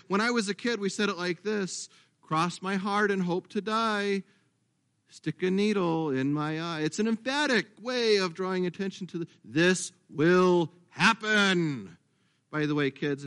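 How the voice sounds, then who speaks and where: A middle-aged man preaches in a relaxed, conversational way, stopping to correct himself and drop in asides. His voice sits a little high for a man. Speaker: pastor. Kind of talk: sermon.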